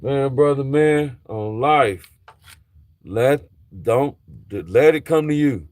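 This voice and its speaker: Slow-talking man chatting to viewers. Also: mid-range voice, lively intonation, a little mellow, no echo. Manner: loose, chatty, talks straight to viewers in slang. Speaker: livestreamer. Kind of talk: casual live chat while working on a truck.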